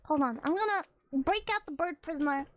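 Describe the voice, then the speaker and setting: A woman's voice: sits high, a little fast, fairly bright tone, a little hiss or hum. A young woman streamer reading a horror story aloud between chat to viewers, flustered and giggly, stumbling over words.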